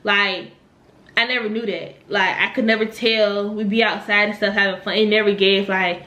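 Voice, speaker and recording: A young woman from Virginia vlogging a casual story, animated, swearing and laughing as she talks. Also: mid-range voice, fairly quick. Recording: echoey room.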